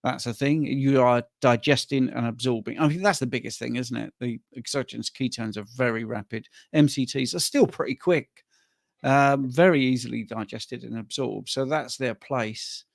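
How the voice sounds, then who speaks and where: A man's voice: medium pitch, moderate pace, creaky, dry recording, clean studio sound. A man from Wales hosting a live question-and-answer chat about diet, talking in a chatty way and often restarting words. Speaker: carnivore diet coach and host.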